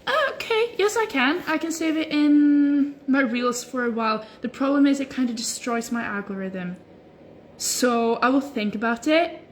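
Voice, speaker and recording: Her voice is fairly high, and a little hiss or hum runs under the recording. She's a young woman stretching at home, casually livestreaming from her phone and chatting through viewer comments with plenty of "like" fillers.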